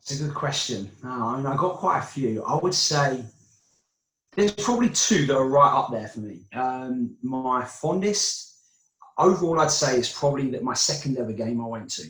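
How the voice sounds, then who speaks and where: A man's voice: medium pitch, animated, moderate pace, a bit bright. Easygoing English man in a roomy space. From England. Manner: easygoing, thoughtful, some hesitations. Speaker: interview guest. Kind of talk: casual video interview. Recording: roomy echo.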